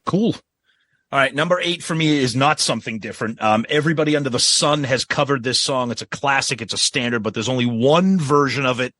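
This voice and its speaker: Bright, enthusiastic podcast man. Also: mid-range voice, a little fast, dry recording. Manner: enthusiastic, gushing fan talk. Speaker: podcast co-host. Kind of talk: casual chat.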